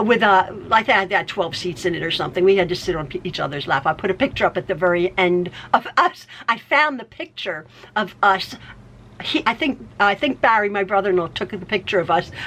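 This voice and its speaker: A woman's voice: medium pitch, fairly bright tone, a little hiss or hum. A middle-aged American woman telling family stories casually, laughing often and restarting her sentences. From United States. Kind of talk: casual storytelling.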